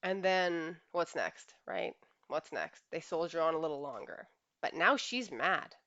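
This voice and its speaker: A woman's voice: low voice, lively intonation, a little slow, a bit bright, dry recording, highs cut off. A woman relationship coach giving an earnest reflective monologue, often sighing. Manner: earnest, with frequent sighs.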